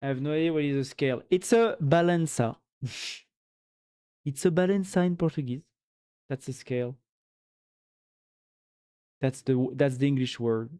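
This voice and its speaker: A man's voice: medium pitch, steady tone, moderate pace, long pauses, mellow, smooth. A man with a French accent chatting casually on a live stream, rambling and reading chat aloud; French is his first language. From France.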